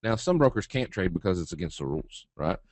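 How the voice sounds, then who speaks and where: A man giving a trading webinar in a casual, blunt, folksy way, talking to his audience and acting out quick asides. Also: low voice, very animated, a little mellow, dry recording.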